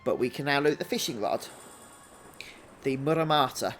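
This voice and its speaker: A man hosting a video game walkthrough in a relaxed, chatty way, thinking out loud as he plays. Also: mid-range voice, normal speed, soft background music. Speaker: gaming channel host.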